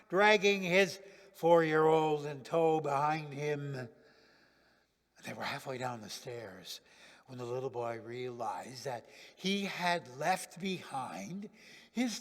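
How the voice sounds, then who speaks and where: A male pastor preaching a sermon in a church, swinging dramatically from loud declarations to hushed near-whispers. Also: high-pitched, long reverb tail.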